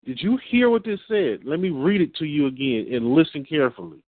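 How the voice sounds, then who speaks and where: An emphatic male preacher lectures with insistent repetition, slowing down to stress each phrase. The audio is dry and tinny, as if heard over a phone line. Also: fairly high pitch, very animated, dry recording. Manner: emphatic, repeats and reads slowly for stress.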